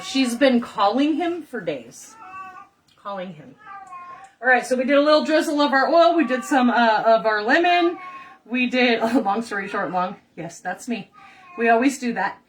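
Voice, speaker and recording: A woman's voice: fairly high pitch, lively intonation, moderate pace, far from the mic, slight background noise. A middle-aged woman chatting and rambling through stories while cooking in her home kitchen, talking straight to her viewers. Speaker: home cook vlogger. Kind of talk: chatty cooking vlog storytelling.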